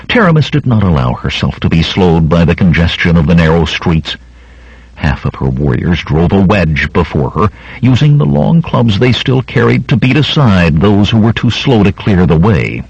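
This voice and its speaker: A man reading an adventure novel aloud as an audiobook narrator, with a dramatic, expressive delivery. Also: creaky, breathy edge, dry recording, lo-fi sound. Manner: dramatic, expressive reading with wide pitch swings.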